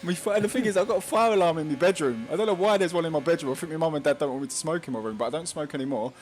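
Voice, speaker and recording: A man's voice: a little high, rapid-fire. A man hosting a live esports racing stream in a chatty, casual way, often laughing and reading chat messages aloud. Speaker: stream host.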